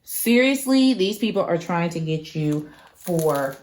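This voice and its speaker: A woman's voice: lowish voice, animated, a little slow, a little mellow, a little hiss or hum. Chatty, slangy woman crafting host. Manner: chatty, emphatic, uses lots of slang. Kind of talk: casual chat while crafting.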